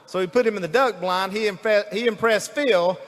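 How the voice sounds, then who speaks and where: A man's voice: sits high, moderate pace, in a large hall. Folksy North Louisiana man at a rally. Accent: Southern US, North Louisiana. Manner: folksy and rambling, with fillers and restarts. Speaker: rally speaker. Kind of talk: folksy speech at a political rally. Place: large indoor rally venue.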